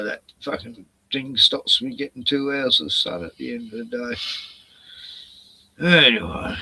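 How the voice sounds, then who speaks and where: Aussie bloke ranting on his stream, slow gravelly husky voice, swears a lot, tired. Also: mid-range voice, pushed and bright, no room sound, low-quality recording. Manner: profane, rambling rant with sarcastic jokes. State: short on sleep. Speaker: live stream host. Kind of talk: casual ranting chat.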